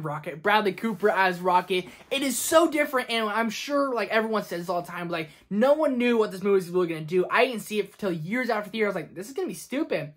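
A young woman hosting a casual movie countdown vlog, excitable and gushing, swearing freely. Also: mid-range voice. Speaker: movie video host.

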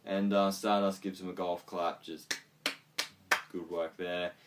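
A man with a fairly low voice gives a loose, excitable wrestling review, swearing freely and scattering ums through his talk. He sits some distance back from the microphone, so his voice sounds a little distant. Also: unhurried, slight background noise. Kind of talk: casual video review.

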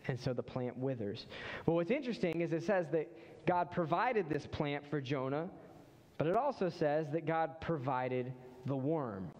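A man preaching a sermon as pastor, animated storytelling that acts out the figures, in a church. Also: a little high, normal speed, long reverb tail, muffled recording. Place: church sanctuary.

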